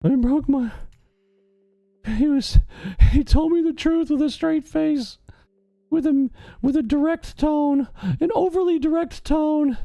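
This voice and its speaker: A man's voice: extremely high pitch, slow, vocal fry, dark tone, no echo, clean studio sound, pitched above the performer's own voice, exaggerated voice. A man voicing a whiny, heartbroken middle-aged male troll who sobs and wails in self-pity. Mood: whiny sobbing. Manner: sobbing, wailing and self-pitying.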